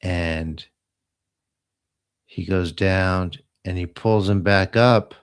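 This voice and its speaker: A man with a very low voice tells a story in a loose, rambling way. He talks slowly, drifting from one detail to the next and adding little asides as he goes. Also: clear, resonant tone. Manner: slow, meandering retelling with trailing asides. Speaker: host of a live healing stream.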